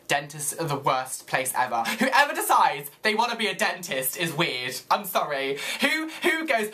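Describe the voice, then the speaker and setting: A young man with a British accent vlogging in a gushing, expressive way, rambling with lots of fillers. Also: sits high, normal speed, few pauses. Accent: British English. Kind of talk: casual chatty vlog.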